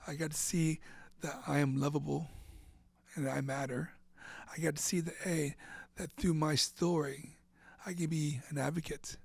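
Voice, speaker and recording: A man in his fifties, an interview guest telling his personal story in an animated way, often repeating words and acting out what others said. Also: a little high, vocal fry, dry recording. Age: 50s. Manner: animated, acts out quoted voices, repeats words.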